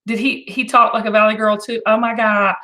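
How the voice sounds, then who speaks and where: A woman's voice: on the high side, level tone, fairly quick, bright, forceful tone. A middle-aged woman hosting a casual live chat, gushing and exclamatory, now and then breaking into song. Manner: gushing, exclamatory, bursts into singing. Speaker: host.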